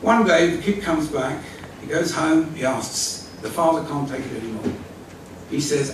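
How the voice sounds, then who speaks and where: At an evening community event in a large hall, an older man who once led a school tells a story to a gathered audience. His high voice swings up and down at a moderate pace as he vividly acts out quotes. He sounds distant, with strong echo and a faint murmur of room noise behind him.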